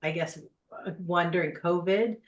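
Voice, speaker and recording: An animal communicator guest telling heartfelt stories in a casual podcast chat, with many pauses and fillers. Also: mid-range voice, lo-fi sound.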